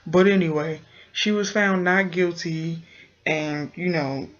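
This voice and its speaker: A woman's voice: on the low side, steady tone, slow pace. Sassy, blunt woman on a muffled recording. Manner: blunt, sassy and opinionated, with slang. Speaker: TV recap vlogger. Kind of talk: casual episode recap.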